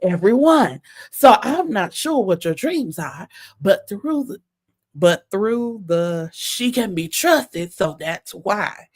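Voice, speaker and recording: A woman mimicking a slow, smooth-talking seducer. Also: mid-range voice, animated, pitched above the performer's own voice. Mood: mock-sultry. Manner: slow, drawn-out, mock-sultry. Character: smooth-talking man sending seductive texts.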